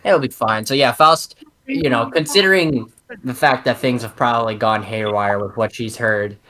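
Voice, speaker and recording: A man's voice: mid-range voice, normal speed, sharp tone. Rambling male tabletop player. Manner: rambling, self-correcting speech. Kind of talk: casual tabletop game play.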